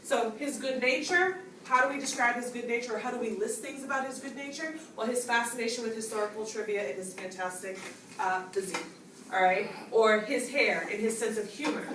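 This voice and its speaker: A woman with a fairly high, brisk voice leads a grammar class, explaining points and questioning students whom she calls on by name. The recording is echoey and noisy, captured with a distant mic.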